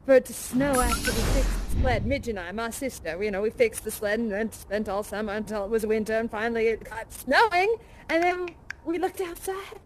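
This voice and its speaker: A high-voiced, chatty aviator woman, played by an actress in a live immersive theater show. She tells her tales folksily and keeps breaking into exclamations. Her voice sits high and bright over her talk. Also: brisk, slight background noise, lightly acted. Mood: folksy.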